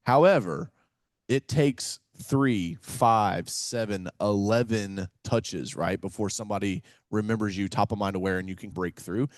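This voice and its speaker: A Kentucky man with a lowish voice speaks at a measured pace, recorded with no echo, as a real estate investor guest on a casual podcast interview. He's an energetic, animated, folksy storyteller who acts out phone calls and often says "man" and "right?"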